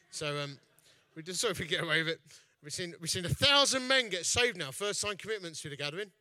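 Bloke preaching, high-pitched, jokey, dry close sound. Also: male voice, fast, hardly any pauses, pushed and bright, dry recording. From East London, England. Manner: jokey, chatty, self-mocking. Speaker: evangelist speaker, festival founder. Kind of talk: storytelling sermon.

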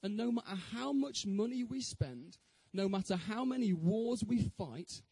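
Earnest high-voiced man giving a talk. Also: animated, unhurried, warm tone, husky, no echo, poor audio. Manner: earnest, rhetorical questions to the audience. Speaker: speaker giving a Christian talk. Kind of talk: evangelistic talk with personal testimony.

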